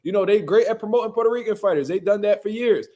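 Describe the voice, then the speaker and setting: High-voiced man ranting about boxing. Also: quick pace, dark tone. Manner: blunt, profane, ranting, heavy slang. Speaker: boxing commentary channel host. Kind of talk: casual unscripted commentary.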